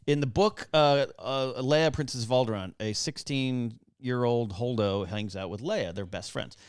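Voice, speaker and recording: A man as guest on a casual movie commentary, eagerly sharing behind-the-scenes facts with quick asides. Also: mid-range voice, clean tone, no room sound, studio quality. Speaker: guest Star Wars expert.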